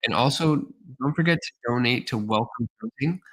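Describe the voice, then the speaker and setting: A man's voice: medium pitch, expressive, normal speed, a bit bright, poor audio. A man hosting a design livestream, thinking aloud with many fillers, tired and slightly losing his voice. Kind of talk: casual livestream commentary.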